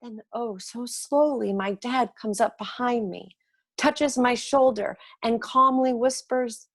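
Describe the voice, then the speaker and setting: A middle-aged woman recites a personal monologue with measured, emotive delivery. She talks slowly, leaving long pauses, and her voice sits fairly high. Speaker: monologue performer.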